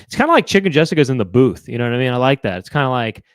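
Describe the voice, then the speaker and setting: A man's voice: mid-range voice, sing-song, very fast, no room sound, clean studio sound. A man hosting a live online chat show, musing aloud to viewers in a rambling way, with many fillers and restarts. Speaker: host.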